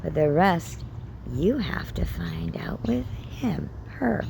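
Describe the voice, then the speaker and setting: A woman with a fairly low voice and huge pitch swings speaks slowly with vocal fry, background noise behind her. Outdoors and addressing the camera, this spiritual content creator offers a personal, emotional talk, often lowering to a whisper.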